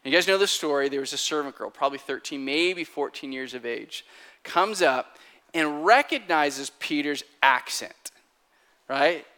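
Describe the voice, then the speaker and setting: A man preaching a sermon, retelling a story in an animated, conversational way. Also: on the high side, moderate pace.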